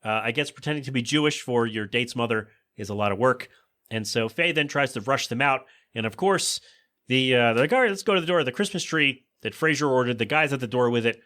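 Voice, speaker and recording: A man hosting a podcast, recapping a sitcom episode in a casual, joking way and quickly voicing the characters' lines. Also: medium pitch, sharp tone. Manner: chatty, joking asides, quick quoted voices of characters. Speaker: podcast host.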